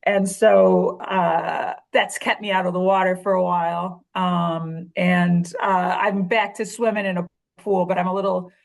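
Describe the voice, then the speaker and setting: A woman's voice: fairly low pitch, unhurried, gravelly. A woman from Chicago chatting casually as a podcast guest, candid and wry, with many fillers and frequent profanity. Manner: quotes others in animated voices. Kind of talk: casual conversation.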